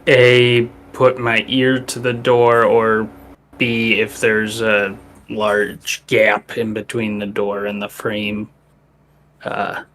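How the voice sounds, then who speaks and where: A man's voice: lowish voice, monotone, fairly bright tone. A man playing in a tabletop game, thinking aloud as he decides what his character does. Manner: slow, deliberating, thinking aloud. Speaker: player. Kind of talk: casual tabletop play.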